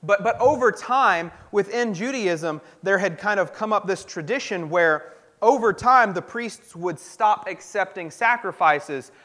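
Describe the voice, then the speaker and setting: A man delivers a sermon as a pastor in a notably high voice with a sharp tone, speaking a little slowly. Earnest and conversational, he often restarts his sentences by circling back.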